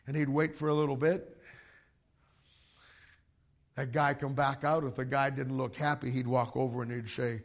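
A male pastor preaching to young ministry students, emphatic and animated, with frequent restarts. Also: mid-range voice, normal speed, pauses often.

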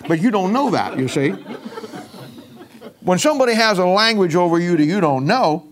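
A man's voice: a little high, expressive, a little fast. A man preaching a folksy, emphatic sermon-style Bible teaching, with frequent restarts.

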